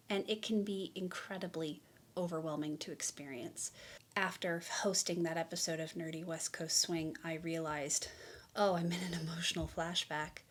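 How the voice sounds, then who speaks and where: A woman giving a candid, reflective personal explainer to the camera, earnest and open. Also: medium pitch. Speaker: mental health vlogger.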